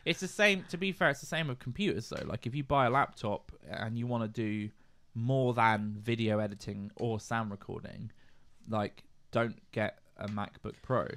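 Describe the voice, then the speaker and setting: A man's voice: medium pitch, normal speed, a bit bright. A man co-hosting a podcast, telling wry anecdotes in casual chat. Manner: chatty, wry anecdotes with quoted voices. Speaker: podcast co-host.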